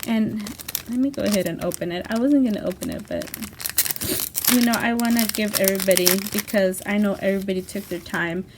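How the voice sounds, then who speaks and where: A woman hosting her craft channel, chatting casually as she unboxes a package. Her voice sits at an ordinary middle pitch with a gravelly, fry-laden edge. She gushes effusively and leans on "you know" as she talks. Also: fairly quick, background noise. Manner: gushing, effusive, many "you know" fillers.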